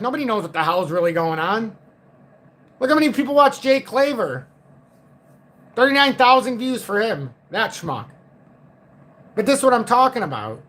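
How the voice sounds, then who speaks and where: A man's voice: sits high, big pitch swings, a little slow, long pauses, pushed and bright. A man hosting a crypto market livestream, ranting in a blunt, profane, cynical way to his viewers. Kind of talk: casual livestream rant.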